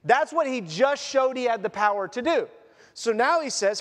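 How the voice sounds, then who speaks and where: A man preaching a sermon in a conversational, animated storytelling manner. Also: very high-pitched, normal speed. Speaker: pastor. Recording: long church reverb.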